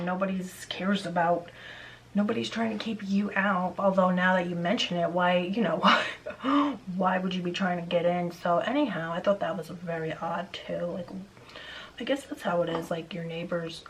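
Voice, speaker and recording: A woman's voice: fairly low pitch, slight background noise, poor audio. A woman vlogger telling a neighbor story in casual, rambling chat, venting with frequent restarts.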